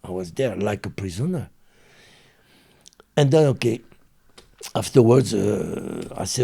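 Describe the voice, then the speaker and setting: A man with a French accent, a native French speaker, telling a story as an interview guest in an animated way and pausing to search for English words. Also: lowish voice, vocal fry, slightly rough.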